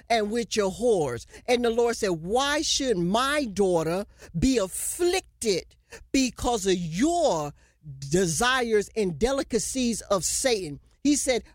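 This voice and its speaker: A woman's voice: a little high, no room sound, studio quality. A woman preaching a fervent prophetic sermon, declaiming messages in the voice of the Lord.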